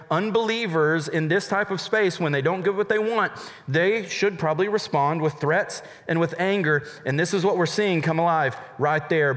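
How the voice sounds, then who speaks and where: A man's voice: on the high side, fairly bright tone, in a large hall. A male college pastor preaching a sermon, animatedly voicing the characters in casual paraphrase.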